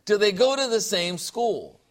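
A middle-aged man preaching a sermon, animated and full of joking asides and rhetorical questions. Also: high voice, measured pace. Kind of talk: sermon with humor.

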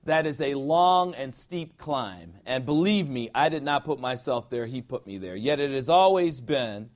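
A man's voice: medium pitch, lively intonation, measured pace. A middle-aged man preaching a conversational sermon as pastor, informal and emphatic, repeating phrases for effect.

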